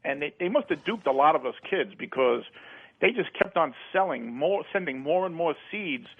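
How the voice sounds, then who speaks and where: A man's voice: fairly high pitch, lively intonation, normal speed, slightly rough. A man calling in to a talk radio show, telling a rambling story in casual chat. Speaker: caller. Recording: phone-line sound.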